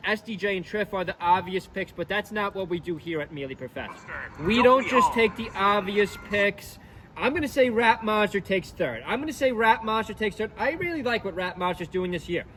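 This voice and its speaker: A high-pitched man hosts his own channel and talks loosely through his picks, repeating lines and thinking aloud. Faint street traffic can be heard in the background. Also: a bit bright. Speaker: esports YouTube host. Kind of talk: casual commentary and predictions.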